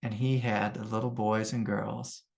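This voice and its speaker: Middle-aged man, gravelly voice, earnest, conversational storytelling. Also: lowish voice, flat delivery, a little slow, a little mellow. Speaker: spiritual teacher. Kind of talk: casual storytelling talk.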